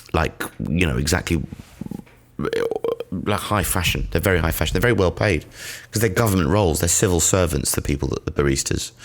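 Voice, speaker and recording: Solo comic host, low gravelly male voice, rambling and sardonic, swears freely. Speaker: comedian podcast host. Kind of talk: solo comedy podcast monologue.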